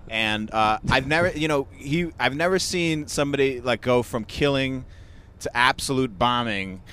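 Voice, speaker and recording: A man, a comedian, talking in a relaxed casual chat and chuckling often. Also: mid-range voice, moderate pace, clear, resonant tone. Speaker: comedian, podcast co-host.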